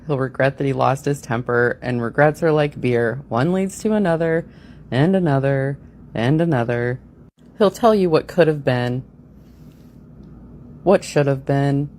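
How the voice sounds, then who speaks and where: Woman co-host, low, lively delivery, giggly comic story reading with profanity. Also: slight background noise. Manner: giggly, ad-libbing with curse words.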